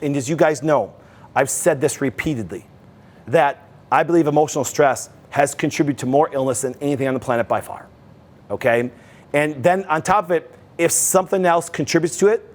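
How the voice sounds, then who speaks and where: Animated man telling a story. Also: fairly high pitch. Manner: animated, repetitive, addresses viewers as guys. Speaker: host, health practitioner. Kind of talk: storytelling monologue to viewers.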